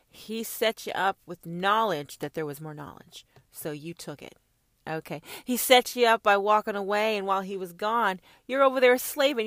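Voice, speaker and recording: A woman's voice: medium pitch, dry recording, clean studio sound. Fiery, profane woman ranting. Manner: profane, confrontational, preachy; swings from shouts to hushed whispers. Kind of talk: ranting monologue.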